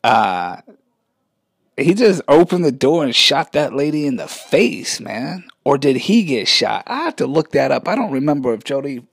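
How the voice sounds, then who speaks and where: A man's voice: on the high side, gravelly, no echo. A man, hosting a casual rant vlog in a rambling, sarcastic way, often cutting himself off mid-sentence. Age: 40s. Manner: rambling, sarcastic, self-interrupting. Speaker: vlog host.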